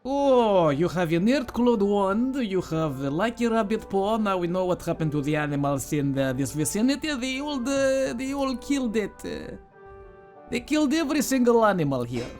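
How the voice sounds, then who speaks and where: A man's voice: high voice, sing-song, moderate pace, darkish tone, faint music behind. A man playing through a video game with playful commentary, giggling and putting on mock accents. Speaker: let's play gamer. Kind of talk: let's play commentary.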